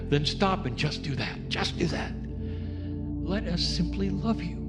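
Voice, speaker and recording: A man talking a group through a slow guided meditation as a spiritual channeler, speaking straight to his listeners. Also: fairly high pitch, in a large hall.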